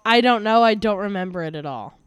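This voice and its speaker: A woman's voice: medium pitch, lively intonation, a little fast, clean tone, no room sound. A woman hosting a casual quiz game, giggling often as she reads out quotes. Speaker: quiz host.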